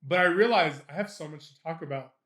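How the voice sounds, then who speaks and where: A young man with a slightly higher voice chats loosely on a podcast and laughs as he tells his stories. He swears freely and speeds up when a bit gets going. The sound is roomy and echoey. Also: fast talker, fairly bright tone. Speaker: podcast co-host. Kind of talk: casual chat. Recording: echoey room.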